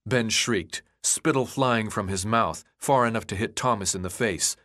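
A man narrating an audiobook in an expressive, energetic reading. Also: lowish voice, normal speed, few pauses, dry recording, clean studio sound.

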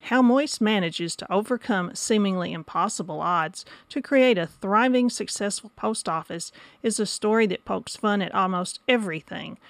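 A woman reading a scripted audiobook review in an even manner. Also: mid-range voice, no echo. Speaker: book reviewer.

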